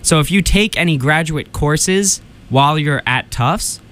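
A man's voice: a little high, a little slow, fairly bright tone. A young man hosting a college radio show, chatting casually and restarting sentences as he goes.

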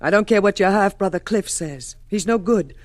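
An actress playing a successful fashion designer wife in a 1940s radio drama, soothing and gentle. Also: female voice, mid-range voice, expressive, normal speed, no echo, lightly acted. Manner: gentle, soothing, then frantic.

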